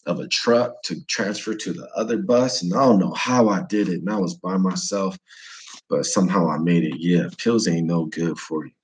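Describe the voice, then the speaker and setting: A man's voice: low voice, normal speed, rough recording. A man from the United States casually telling a travel story, slangy, profane and rambling.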